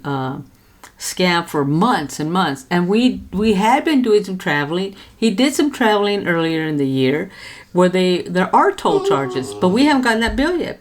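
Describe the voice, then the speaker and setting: An older woman vlogger telling a story in a casual way from her home studio, jumping high in pitch when she quotes others. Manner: lively, jumps high when quoting others.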